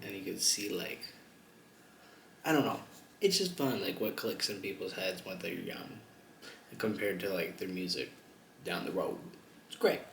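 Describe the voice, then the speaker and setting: A young man vlogging a mukbang in casual chat, rambling with lots of fillers and giggles. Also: deep voice. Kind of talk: casual chat while eating on camera. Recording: echoey room with faint ambient noise.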